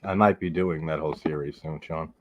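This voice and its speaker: A low-pitched man rambles through a casual live-stream chat, leaning hard on "like" and tossing in swear words. The recording sounds dull and lo-fi. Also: steady tone, a little fast, background noise. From Long Island, New York. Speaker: host of a horror movie live stream.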